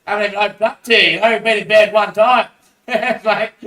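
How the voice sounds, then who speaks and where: A man's voice: high-pitched, normal speed, sharp tone. An Australian man in a rambling casual monologue, swearing a lot and laughing between phrases. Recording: echoey room, voice far from mic.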